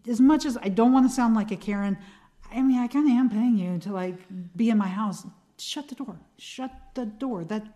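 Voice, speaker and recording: A woman's voice: medium pitch, warm tone. A middle-aged woman comedian, a podcast guest in casual chat, speaking dryly and emphatically.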